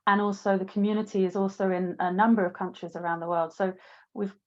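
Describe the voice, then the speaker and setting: A woman speaking as a panel guest, talking in a steady, measured corporate way. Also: medium pitch, highs cut off. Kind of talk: panel interview.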